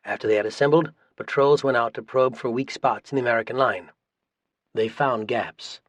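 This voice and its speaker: A male audiobook narrator reads scripted military history in an even, measured way. His voice sits at a middle pitch, and the recording is dry and close with no room sound.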